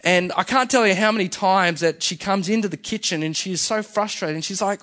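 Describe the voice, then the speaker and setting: A man's voice: high-pitched, brisk, hardly any pauses, a bit bright. A male senior pastor giving a sermon in a conversational way, often restarting his phrases. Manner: conversational, with frequent fillers and restarts.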